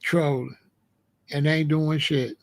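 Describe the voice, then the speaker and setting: A man hosting his own livestream, hitting back at the chat in a combative, profane rant. His voice sits fairly high for a man. He mocks viewers by mimicking them. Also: fairly even intonation, takes it slowly, gravelly. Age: adult. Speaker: livestream host.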